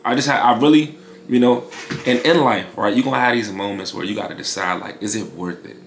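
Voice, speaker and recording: A man's voice: on the low side, brisk, vocal fry, echoey room, faint music behind. A man in his twenties talking casually in a vlog about his clothing brand, laid-back and slangy with lots of fillers. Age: 20s. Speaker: vlogger building a clothing brand.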